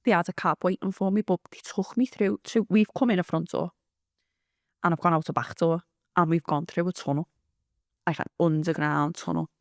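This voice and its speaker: A woman recounts her experiences in a blunt, rambling way, with swearing scattered through her talk. Her voice carries a gravelly fry. The sound is dry and close. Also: fairly low pitch, fairly even intonation, normal speed, no room sound. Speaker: interviewee giving testimony. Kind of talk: candid storytelling.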